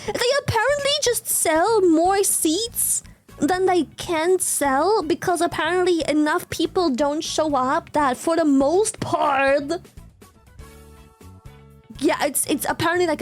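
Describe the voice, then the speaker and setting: A woman from Germany chatting casually on stream, telling stories in an excitable, animated way and swearing freely. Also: sits high, a little slow, soft background music. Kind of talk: casual chat.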